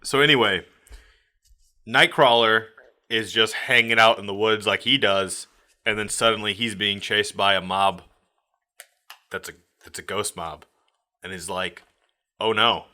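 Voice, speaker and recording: A man's voice: on the low side, fairly even intonation, measured pace, pauses often, sharp tone. A man co-hosting a podcast, recapping a comic in rambling casual chat.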